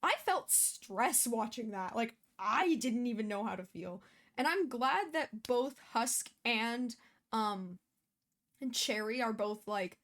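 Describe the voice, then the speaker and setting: A woman reacts to an episode in a loose, rambling way. She circles back on herself, full of fillers and restarts. Her voice sits a little high. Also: animated, unhurried, a bit bright. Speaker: reaction video host. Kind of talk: casual reaction commentary.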